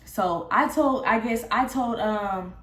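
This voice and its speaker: Fed-up young woman venting, slightly high. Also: slow. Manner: candid, profane, animated retelling of a dispute. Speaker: vlogger. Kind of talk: casual storytime vlog. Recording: roomy echo.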